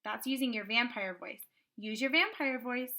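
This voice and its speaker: A woman teaching kindergarten phonics online, sounding out words slowly and clearly with cheerful prompts. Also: on the high side, sharp tone.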